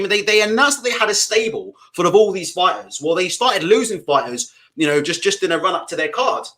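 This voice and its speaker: A loud man hosts a boxing live stream, reading out comments and ranting in a deliberately amped-up, profane way. His voice sits high for a man and leaps all over the place as he vents. He keeps the energy pushed up throughout. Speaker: boxing channel host.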